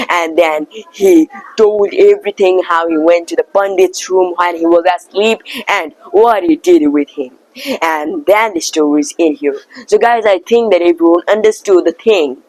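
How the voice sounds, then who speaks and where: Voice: mid-range voice, low-quality recording. A speaker giving a casual tutorial, telling a story and then repeating words as pronunciation drills. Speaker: accent-practice video maker.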